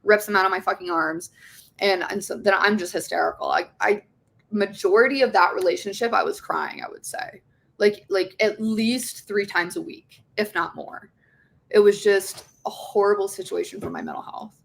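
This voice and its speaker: A woman's voice: mid-range voice, expressive, normal speed, creaky, fairly bright tone. A young woman, an interview guest, telling her own story in a rambling, emotional way, with frequent swearing and restarts. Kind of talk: candid personal testimony.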